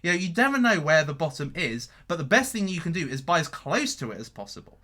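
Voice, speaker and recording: A man giving casual market commentary to camera as a vlogger, animated and emphatic, often checking in with "okay?". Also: on the high side, quick pace. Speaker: crypto vlogger. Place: indoors in front of a green screen.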